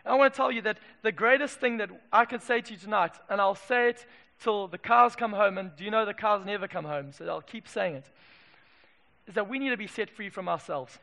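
A man preaching a sermon in a church, swinging from emphatic declarations to quiet asides. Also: high voice, fairly quick, creaky. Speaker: pastor. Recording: long hall reverb.

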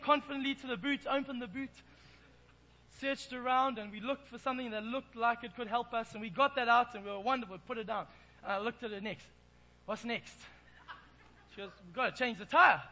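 A man's voice: extremely high pitch, steady tone, fast talker, pushed and bright, poor audio. An Englishman preaching in church, telling a self-deprecating, playful story. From England. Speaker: pastor. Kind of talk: sermon with humorous storytelling.

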